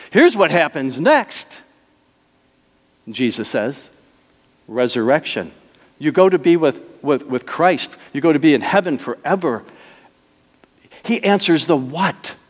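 A male pastor preaching a sermon, moving between soft, slow lines and emphatic, raised ones. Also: medium pitch. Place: church sanctuary. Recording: long reverb of a church hall.

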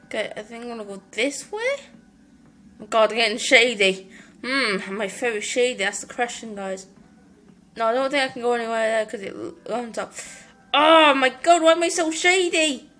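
An excitable Irish woman chatting through gameplay as a let's play host. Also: a little high, brisk, a little hiss or hum. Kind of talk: gaming commentary.

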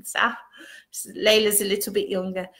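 A woman's voice: mid-range voice, flat delivery, normal speed, fairly bright tone. A woman hosting a casual live stream, reading viewer comments aloud and adding Arabic blessings between them.

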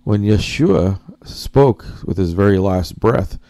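A man with a low, warm, mellow voice hosts a casual reaction commentary. He rambles and talks straight to his viewers, often calling them guys as he searches for words and corrects himself along the way. The sound is dry and close, with no room echo. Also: animated, takes it slowly. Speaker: commentary host.

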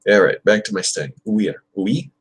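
A man's voice: fairly low pitch, lively intonation, normal speed, breathy edge, poor audio. A young man on a livestream, practicing Spanish verb forms aloud and chatting casually with viewers in between. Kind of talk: casual livestream study session.

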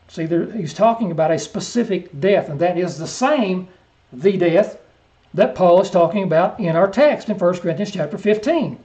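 A man teaching a verse-by-verse Bible lesson, reading scripture slowly and deliberately, then dropping into quiet, offhand asides. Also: sits high, lively intonation. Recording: muffled lo-fi recording.

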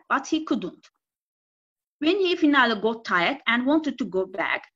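A woman teacher reading a folk tale aloud in halting English during a lesson presentation. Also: on the high side, bright, forceful tone. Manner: halting non-native English, slow careful reading. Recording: dull lo-fi recording.

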